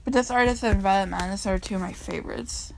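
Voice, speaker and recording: A woman's voice: medium pitch, quick pace, vocal fry, slight background noise. A young woman casually reading comics aloud and chatting, rambling and giggly with lots of ums and restarts. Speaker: comic reader vlogger.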